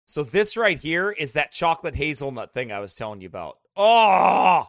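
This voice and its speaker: An American pastor chats casually and tells stories before leading a Bible study, animated and laughing as he goes. His mid-range voice moves a little fast, recorded with clean studio sound and no room echo.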